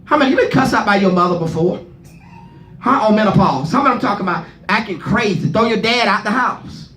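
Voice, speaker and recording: At a Bible study, a man preaches fervently, leading the readers, firing questions at the room and repeating words. He is not from Philadelphia. His high-pitched voice has lively intonation and a sharp tone, brisk in pace, in an echoey room.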